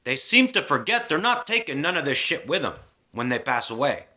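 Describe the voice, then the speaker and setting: A man's voice: fairly high pitch, sing-song, brisk, pushed and bright. A man in a casual spiritual rant, heated and preachy, swearing freely.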